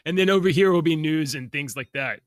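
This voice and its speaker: A man's voice: a little high, a little fast, no room sound, clean studio sound. A man in his forties co-hosting a podcast, rambling and correcting himself as he talks, often laughing. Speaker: podcast co-host. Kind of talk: casual chat.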